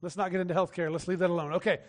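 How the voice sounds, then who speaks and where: A man preaching a sermon in a casual, talky way, acting out quotes and breaking into shouts. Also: sits high, level tone, racing, big-room sound. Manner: conversational preaching with acted-out quotes and sudden shouts. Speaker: pastor.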